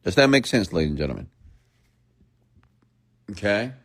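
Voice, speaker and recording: Middle-aged guy doing a late night motivational rant, lowish voice, bouncy and playful. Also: normal speed. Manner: animated, playful, mimics people for effect. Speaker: motivational speaker.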